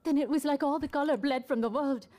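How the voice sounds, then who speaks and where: An actress voicing a shaken young woman crew member on a space station in a video game, halting and rattled, with a wry loyalty underneath. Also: sits high, dark tone, natural voice.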